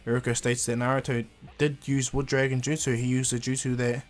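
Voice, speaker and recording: A man's voice: medium pitch, flat delivery, fairly quick, soft background music. A man casually retelling a fan story, rambling with frequent fillers and restarts.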